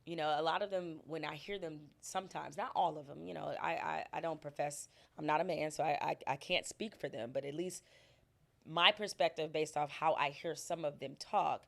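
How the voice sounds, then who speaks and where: A woman's voice: low voice, steady tone, normal speed, vocal fry, fairly bright tone. A middle-aged woman speaking candidly and emphatically as a podcast guest, laughing often. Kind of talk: casual interview conversation.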